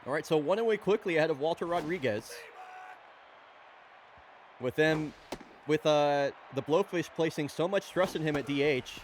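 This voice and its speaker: A talkative male play-by-play commentator with a voice pitched a little above the usual for a man. He rattles off the action in a loose, casual way, with a faint hiss of noise underneath. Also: moderate pace, pauses often. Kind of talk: casual fake-baseball commentary.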